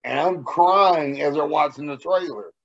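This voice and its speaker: A man co-hosting a podcast, telling stories in a profane, animated way during casual banter. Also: on the high side, unhurried, creaky, highs cut off. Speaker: podcast co-host.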